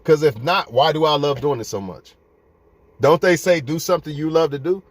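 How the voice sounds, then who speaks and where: Man, fairly high voice, dry close sound, fiery preachy rant, swears a lot. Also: normal speed, dry recording. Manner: passionate, profane, preachy. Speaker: vlogger giving life advice.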